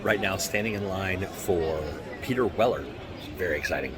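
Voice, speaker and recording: A man co-hosting a podcast, giving an unhurried, relaxed recap of his day with plenty of fillers. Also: deep voice, over a noisy crowd, heavy background noise. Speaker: podcast co-host. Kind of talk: casual recap.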